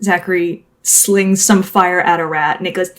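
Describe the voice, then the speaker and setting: A woman's voice: lowish voice, fairly even intonation, moderate pace. A woman narrating a tabletop game as game master, setting scenes vividly with lots of casual fillers.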